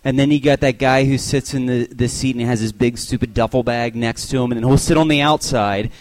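A man's voice: medium pitch, steady tone, fairly quick, a little hiss or hum. A man doing a stand-up set on a club stage, complaining in exasperated rants and acting out the people he mocks. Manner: exasperated rants with acted-out voices. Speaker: stand-up comedian.

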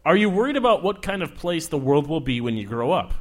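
A young man hosting a casual comedic interview, loud and teasing, joking at his guest. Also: fairly high pitch, very animated, quick pace. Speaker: host.

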